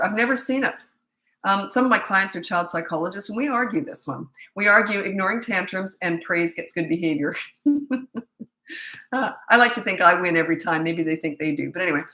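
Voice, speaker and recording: A middle-aged woman gives parenting advice in a live question-and-answer chat. She sounds chatty and emphatic, with a low, forceful voice. The recording is roomy and echoey. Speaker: parenting coach.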